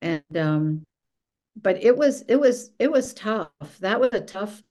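A woman's voice: mid-range voice, takes it slowly. A woman, a former film executive, telling a story as a podcast guest and acting out the dialogue she quotes. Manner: lively, acts out quoted dialogue. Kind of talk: casual storytelling interview.

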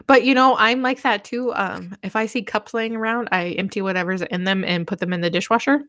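A woman's voice: mid-range voice, a little fast, a bit bright, dry recording, studio quality. A woman co-hosting a podcast, telling stories casually with frequent giggles. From Colorado. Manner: giggly storytelling. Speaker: podcast co-host. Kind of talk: casual chat.

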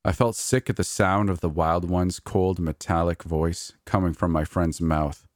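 A man reading a horror audiobook in a steady, measured way. His voice is very low, and the recording is dry and close, with no room echo. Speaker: narrator.

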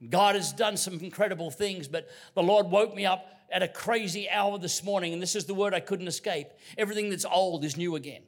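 A middle-aged Australian man from Queensland preaching a sermon as a guest pastor, telling stories with humor and dropping to hushed tones. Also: sits high, brisk, creaky, hardly any pauses. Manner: storytelling with humor, dynamic swings from loud to hushed. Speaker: visiting pastor.

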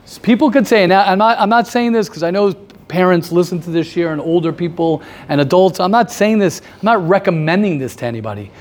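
A man teaching a casual class, animated, firing rhetorical questions and repeating his points. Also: high voice, a little fast. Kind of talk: casual lively classroom talk.

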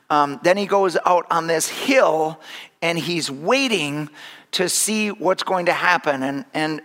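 A man's voice: high voice, fairly bright tone, in a large hall. A man preaching a sermon as pastor, retelling stories in a conversational, humorous way with frequent restarts.

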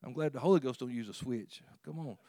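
A man preaching a sermon in a conversational, earnest way, with frequent restarts and sudden rises in pitch and volume. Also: quick pace, mellow, dry recording. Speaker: pastor.

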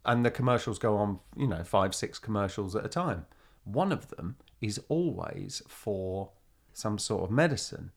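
A woman co-hosting a podcast in casual chat, telling stories in an animated way and acting out voices. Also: extremely low pitch, moderate pace. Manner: animated storyteller, acts out voices. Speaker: podcast co-host.

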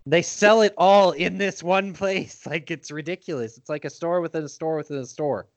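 A man from Michigan co-hosting a podcast, chatting in a relaxed, reflective way. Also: a little high, moderate pace, no room sound. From United States, Michigan. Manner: laid-back, reflective, wraps up the episode. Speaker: podcast co-host. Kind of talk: casual chat.

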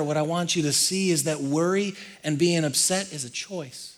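A male pastor preaching a sermon in an animated, conversational way, swinging from loud to quiet. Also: a little high, normal speed.

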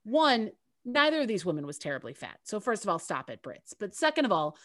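Lively, salty woman telling stories. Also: medium pitch, brisk. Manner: lively, profane, storytelling with asides. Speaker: podcast co-host. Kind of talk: casual chat.

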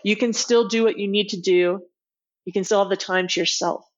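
A woman's voice: mid-range voice, steady tone, a little fast, dull audio. A woman guest on a podcast interview, explaining her ideas in an earnest, teaching way. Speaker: guest expert.

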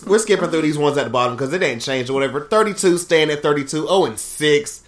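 A man's voice: a little high, quick pace. A young man hosting a casual sports podcast with friends, profane and trash-talking. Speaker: podcast host.

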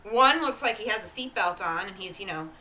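A woman's voice: medium pitch, a little fast. A woman co-hosting a podcast in casual chat, telling a story with acted-out quotes and frequent "right?" checks. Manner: animated, acts out quotes, asks "right?" often.

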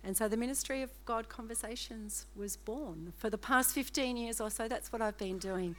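A woman's voice: fairly high pitch, moderate pace, fairly bright tone, a little hiss or hum. A middle-aged woman with an Australian accent, giving a chatty, self-mocking sermon testimony and laughing often. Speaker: preacher.

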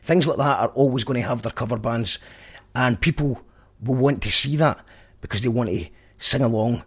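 Husky Scottish podcast host rambling. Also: male voice, mid-range voice, normal speed, a bit bright. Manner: chatty, rambling, jokey asides. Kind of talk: casual monologue recap.

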